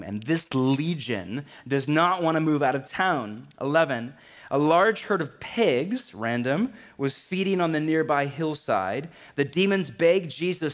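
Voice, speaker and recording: A man in his thirties preaching a sermon in a church, animated and lively, with humor. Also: medium pitch. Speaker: pastor. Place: church sanctuary.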